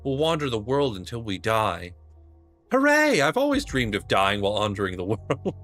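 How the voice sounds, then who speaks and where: A man's voice: sing-song, brisk, fairly bright tone, soft background music. A man voicing an overexcited, gleefully dramatic child in a video game. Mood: excited. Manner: shrill, overexcited.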